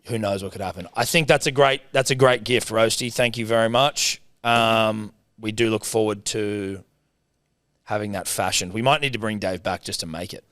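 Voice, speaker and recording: Wry Australian podcast host. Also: male voice, on the low side, steady tone, moderate pace, a bit bright, dry recording, clean studio sound. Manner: wry, playful banter. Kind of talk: casual chat.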